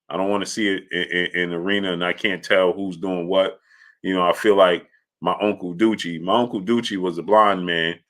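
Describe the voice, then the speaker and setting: Casting note: a man with a bright, forceful voice hosting a laid-back sports stream, telling rambling stories and greeting chat viewers. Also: low voice. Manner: loose storytelling, shouting out chat viewers by name. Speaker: livestream sports show host. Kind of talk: casual live-stream chat.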